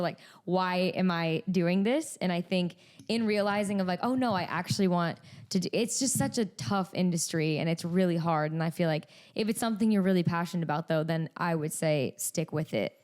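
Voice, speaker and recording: A woman's voice: fairly low pitch, darkish tone, clear, resonant tone. A woman in her twenties, chatting casually as a podcast guest, full of "like" and "um". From United States. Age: 20s. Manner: chatty, many fillers like "like" and "um". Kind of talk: casual interview chat.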